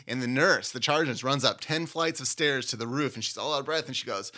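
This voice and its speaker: A man's voice: medium pitch, fairly quick, few pauses, pushed and bright. A man hosting a podcast, playfully narrating a mock medical exam case. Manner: playful, teasing, laughs easily. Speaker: podcast host running a mock oral boards case.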